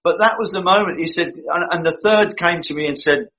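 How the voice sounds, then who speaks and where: A man in the middle of a long story, his voice somewhat high and very bright. He acts out the dialogue of the people in it, and the telling stays lively. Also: a little fast, rough recording. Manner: animated, acts out quoted dialogue. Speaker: guest recalling a film shoot. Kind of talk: anecdotal storytelling.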